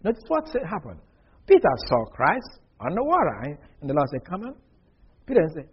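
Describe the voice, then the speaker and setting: A husky-voiced man preaches with a lively, swooping delivery that sits a little high for a man. He acts out little bits of dialogue and keeps dropping from loud bursts to near-murmurs. The recording is dull and lo-fi. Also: moderate pace, pauses often. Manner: animated, acts out dialogue with big swings from loud to very soft. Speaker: pastor. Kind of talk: sermon.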